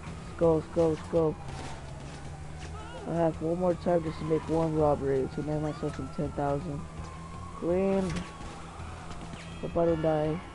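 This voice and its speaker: A man's voice: on the high side, a little slow, pauses often, music in the background, rough recording. A man giving solo gameplay commentary, muttering and cursing at the game as he plays. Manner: excitable, mutters and curses at the game. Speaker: gamer.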